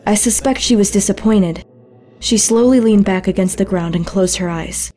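A woman narrating a story in first person, gentle and intimate. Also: mid-range voice, moderate pace, faint music behind.

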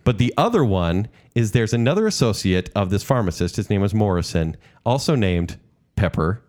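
Man, low voice, podcast co-host, easygoing, joking trivia chat. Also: sing-song, moderate pace, a little mellow. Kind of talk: casual chat.

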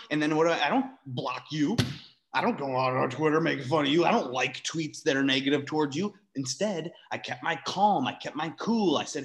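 A man co-hosting a casual sports podcast, ranting in an animated, exasperated way, with sarcastic asides and free swearing. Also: on the high side, fairly quick. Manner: swears freely. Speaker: podcast co-host.

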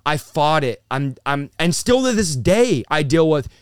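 A man in his thirties, a pastor guest telling his story in an animated, rapid-fire way, peppered with bro and dude. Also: on the high side, clean tone, dry recording, clean studio sound. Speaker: pastor and revivalist, interview guest. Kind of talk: excited conversational storytelling.

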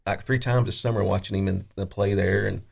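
A man's voice: fairly low pitch, steady tone, a little fast, vocal fry, darkish tone. A man talking easily as a radio guest, rambling a little and laughing often. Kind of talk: casual chat.

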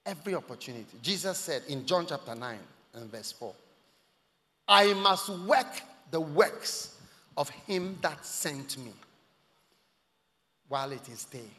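A man preaching a sermon to a congregation, dropping to hushed asides and rising to loud shouts. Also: mid-range voice, lively intonation, moderate pace. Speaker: pastor. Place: large church hall. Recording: long hall reverb.

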